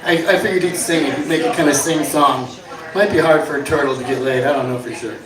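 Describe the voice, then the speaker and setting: High-voiced stand-up man in a bar. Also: fast, a crowd in the background. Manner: jokey deadpan one-liners, bursts into shouted bits. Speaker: stand-up comedian. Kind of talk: stand-up comedy set. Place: inn bar with live audience. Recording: echoey bar room from far off.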